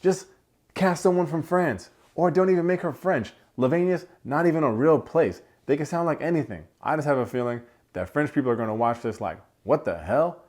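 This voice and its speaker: A man hosting a casual film review, animated, slangy and joking as he rants. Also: on the high side, fairly quick, few pauses. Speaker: movie reviewer, channel host.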